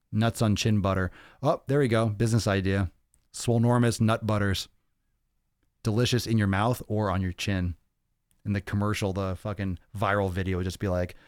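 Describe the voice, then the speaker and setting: Deep-voiced man hosting a casual livestream. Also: clear, resonant tone, no echo, clean studio sound. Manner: loose and profane, jokey, reads comments aloud. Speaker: podcast host.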